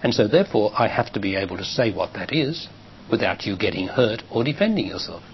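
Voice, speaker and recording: Australian older man giving a talk, lively pitch. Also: brisk. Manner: calm, emphatic, acts out quoted dialogue. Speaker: spiritual teacher. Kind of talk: public talk answering a question. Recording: muffled 1990s live talk tape, faint hiss.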